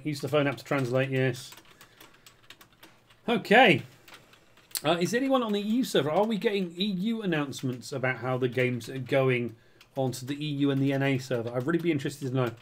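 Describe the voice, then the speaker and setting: A man's voice: fairly high pitch, a bit bright. A man, commentating on a live online tank match as the stream host, flustered and apologetic. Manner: flustered and apologetic, self-mocking. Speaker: esports caster and streamer.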